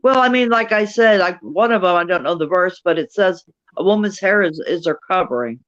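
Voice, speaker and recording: A woman's voice: lowish voice, animated, a little fast, lo-fi sound. A woman chatting casually as a guest on a live stream, rambling and repeating her words. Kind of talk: casual chat.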